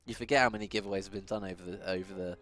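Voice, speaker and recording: A man's voice: fairly low pitch, very fast. A man co-hosting a live game stream, chatting casually and joking, laughing often. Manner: jokey, laughs often, excitable. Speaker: stream co-host. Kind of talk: casual live-stream chat over gameplay.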